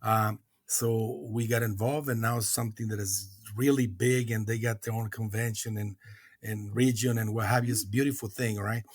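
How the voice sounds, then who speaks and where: Earnest, husky-voiced middle-aged man. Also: lowish voice, fairly even intonation, moderate pace, no echo. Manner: earnest and reflective, many hesitant uh's and restarts. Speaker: guest. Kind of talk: recovery podcast conversation.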